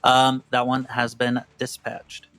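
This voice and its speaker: A man running a tabletop roleplaying game as game master, relaxed and hesitant with lots of ums. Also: mid-range voice, slow, dry recording, faint music behind.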